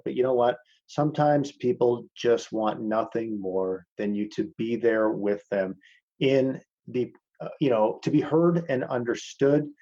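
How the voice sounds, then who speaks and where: Blunt, cursing man with a husky voice. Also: mid-range voice, warm tone, muffled recording. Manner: blunt, swears freely, talks to listeners as "man". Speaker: presenter teaching a masterclass. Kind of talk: casual teaching talk.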